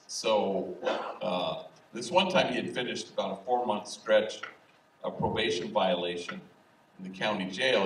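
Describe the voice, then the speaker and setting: Low-voiced older priest in an echoey hall. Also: male voice, fairly bright tone. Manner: humorous, anecdotal, unhurried. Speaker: priest and speaker. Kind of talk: public talk with storytelling. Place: university event hall. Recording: echoey hall, distant mic, faint hiss.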